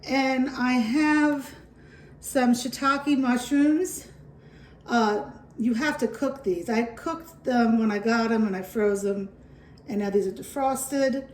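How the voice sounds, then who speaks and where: Woman with a New York accent, cooking-channel host, easygoing and reassuring, unhurried delivery, mellow tone. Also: fairly high pitch, echoey room, far from the mic, slight background noise, rough recording. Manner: chatty, reassuring, with fillers. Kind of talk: casual cooking demonstration.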